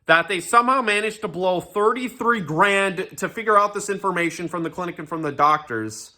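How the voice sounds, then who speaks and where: Young male ranter, bright and lively delivery, sneering sarcasm, swears freely, casual commentary. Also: sits high, a little fast. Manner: sarcastic, profane, mocking, with frequent fillers and restarts.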